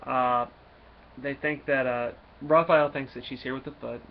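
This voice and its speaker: Male comic reviewer, casual and rambling, full of fillers; mid-pitched voice, faint background noise. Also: fairly even intonation, unhurried. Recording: dull lo-fi recording, faint noise.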